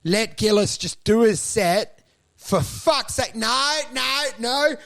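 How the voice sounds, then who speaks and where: A man's voice: very high voice, expressive, slow pace, gravelly, a bit bright, heavily acted. A man doing a fed-up Australian crowd member. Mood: exasperated. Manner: ranting, sweary.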